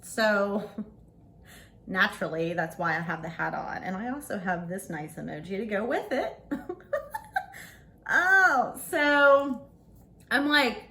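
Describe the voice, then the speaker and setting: A woman in her forties telling a story to camera in a casual vlog, blunt and animated, swearing freely. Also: fairly low pitch, normal speed. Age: 40s. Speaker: vlogger.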